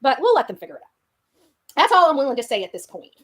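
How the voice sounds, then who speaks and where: A woman talking on a livestream in a rambling, taunting way. She keeps repeating herself and stumbles through her sentences. Her voice is high and very animated, and she talks fast. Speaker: live streamer.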